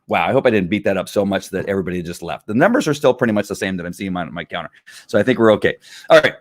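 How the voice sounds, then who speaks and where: A man's voice: deep voice, expressive, racing, no echo, clean studio sound. A middle-aged man who trains dogs, talking casually and with animation, acting out dog owners and laughing often. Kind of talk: casual livestream talk.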